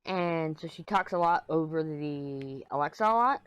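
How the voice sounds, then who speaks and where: A woman with a fairly low voice talks in a casual, rambling vlog, sounding agitated and frustrated as she vents. She records alone in a small room at home. The sound is dry and close, with no room echo. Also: animated, moderate pace, smooth. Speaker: crafting vlogger.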